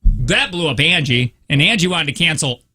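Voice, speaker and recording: Young male morning radio co-host, bright forceful tone, animated storyteller. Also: on the high side, moderate pace, slightly rough, no echo. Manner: animated storyteller, acts out family members' voices. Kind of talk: casual on-air banter. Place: radio studio.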